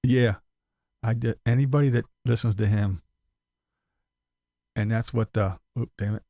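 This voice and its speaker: A man's voice: fairly low pitch, fairly even intonation, unhurried, vocal fry, dark tone, no room sound. A man hosting a casual commentary vlog, blunt and mocking, cursing freely. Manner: mocking, blunt, swears a lot. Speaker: commentary channel host.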